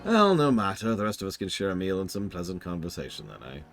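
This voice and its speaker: A man's voice: deep voice, wildly swooping pitch, fast, fairly bright tone, faint music behind, exaggerated voice. A man voicing a clumsy, genial male professor in a video game, speaking in a chummy, old-fashioned way.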